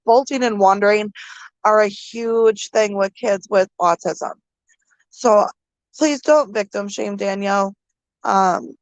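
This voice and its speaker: A woman vlogger from the American Midwest, talking to her viewers through tears, halting with many pauses and fillers. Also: mid-range voice, no echo. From Minnesota. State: crying. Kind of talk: emotional vlog talk to viewers.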